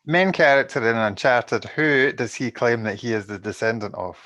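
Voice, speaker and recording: A man's voice: mid-range voice, moderate pace, fairly bright tone. A man co-hosting a casual gaming podcast, chatty and rambling, and often breaking into laughter. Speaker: podcast co-host. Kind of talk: casual chat.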